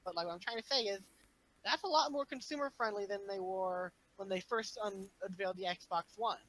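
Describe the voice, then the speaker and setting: A man talking casually on a podcast, rambling with lots of fillers and animated swings in emphasis. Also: sits high, a little fast, low-quality recording. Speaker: podcast guest. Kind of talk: casual chat.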